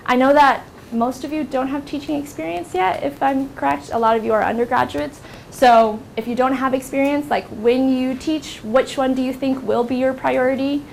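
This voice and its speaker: A woman's voice: high voice, gravelly, a little hiss or hum. A young American woman teaching a workshop class in a casual lecture style, full of ums and likes. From United States. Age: young adult. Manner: casual, filler-heavy delivery with many ums and likes. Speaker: workshop instructor. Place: university classroom.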